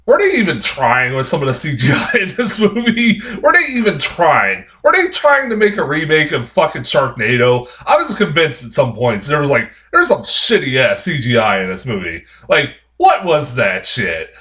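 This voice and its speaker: A man's voice: fairly high pitch, huge pitch swings, normal speed, few pauses, pushed and bright. A man giving a casual spoken movie review, ranting in an exasperated, profane way with frequent laughs and rambling restarts. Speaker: film reviewer.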